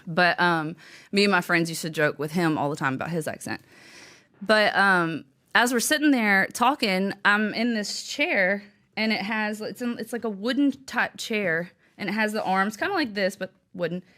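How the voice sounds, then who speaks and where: A woman's voice: mid-range voice, moderate pace, sharp tone. A young woman, the author of a memoir, telling her story candidly in an interview, with many fillers and restarts.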